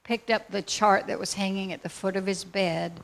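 A woman telling a faith testimony as a lively, excitable story. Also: medium pitch, moderate pace, creaky. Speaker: speaker sharing a faith testimony.

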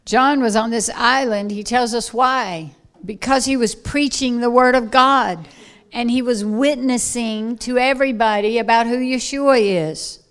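Woman preacher, informal sermon, slow delivery, higher pitch, animated bursts. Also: smooth. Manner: animated, acts out scenes with sudden loud bursts. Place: room with listeners.

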